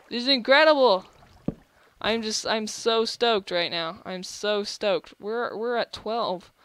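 A young adult narrates their own gameplay in a bright, keen voice, gushing over each find. The sentences tumble out with frequent false starts, in a casual let's-play commentary style. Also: mid-range voice. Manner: excitable and gushing, with frequent restarts. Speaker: gaming video host.

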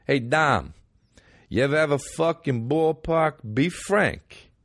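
A man voicing a loud, pushy New York guy with a New York accent who swears constantly. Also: fairly high pitch, slow, no room sound, clean studio sound, pitched above the performer's own voice. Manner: brash, swearing, insistent.

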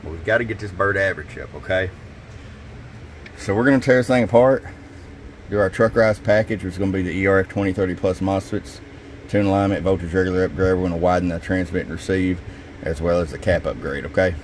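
A man with a slightly hoarse voice, casually walking through a demo at his radio workbench, dropping in fillers and a tag of "okay?". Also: sits low, steady tone, fast, slight background noise. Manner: casual, folksy, drops in "okay?" and "uh". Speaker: CB radio shop technician. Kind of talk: casual product demo narration.

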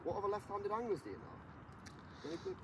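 A man's voice: sits high, huge pitch swings, a little fast, creaky, darkish tone, far from the mic. A man bantering while he fishes at a lakeside, jokey and self-mocking. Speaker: angler. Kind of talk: casual banter while fishing. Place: outdoors at a lakeside.

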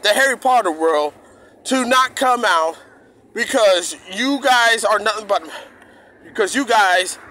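A man's voice: very high voice, background noise. A man delivering a heated, profane rant to his viewers, repeating himself and restarting his sentences often. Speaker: streamer ranting to his audience.

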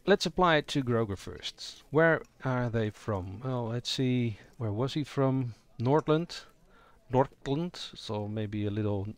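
A man's voice: mid-range voice, unhurried, few pauses, no room sound. A man giving a casual spoken tutorial on voicing roleplaying characters, thinking aloud and improvising as he goes. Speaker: roleplaying game player explaining character voices.

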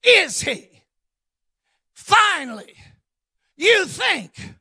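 Male preacher plays Martha: a sharp-tongued grieving woman, bright and piercing, voice swooping. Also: extremely high pitch, very animated, slow, gravelly, no room sound, clean studio sound, voice pushed up, full character voice. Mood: sarcastic. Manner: accusing, then pleading.

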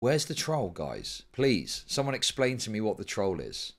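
A man's voice: on the low side, sing-song, a little slow. A man streaming live commentary, arguing heatedly and swearing often.

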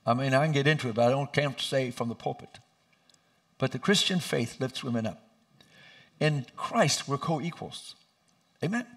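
A middle-aged man preaching as a pastor in a church, telling lively stories and laughing as he goes. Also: medium pitch, normal speed, long pauses. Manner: animated, laughing storyteller who acts out voices. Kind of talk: sermon with storytelling. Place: church sanctuary.

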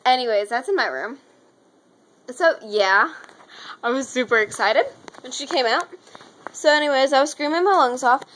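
High-voiced teen girl rambling excitedly about a concert from her room. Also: normal speed, long pauses, low-quality recording. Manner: gushing, rambling, says anyways a lot. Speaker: vlogger. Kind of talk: excited casual vlog story.

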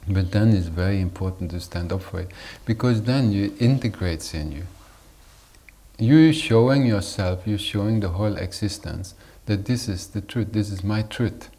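A man giving a spiritual talk as a teacher, unhurried and playful, chuckling often. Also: fairly low pitch, mellow.

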